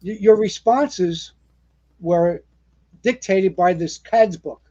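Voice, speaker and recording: A man's voice: high-pitched, slow pace, highs cut off. A man, a retired fire captain telling stories in a casual interview, rambling with lots of fillers and restarts. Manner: animated storyteller, rambling with many fillers and restarts.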